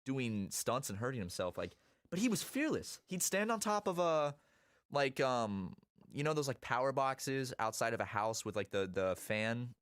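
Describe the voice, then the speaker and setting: A man telling animated stories in a casual chat while gaming. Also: moderate pace, no room sound, clean studio sound. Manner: animated storyteller, lively swings in pitch. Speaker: co-host.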